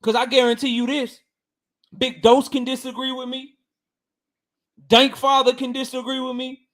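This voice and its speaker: A man's voice: very high-pitched, completely flat delivery, normal speed, a bit bright. A man hosting a boxing livestream and reading chat, talking bluntly and profanely, heated and repeating himself. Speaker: boxing channel host.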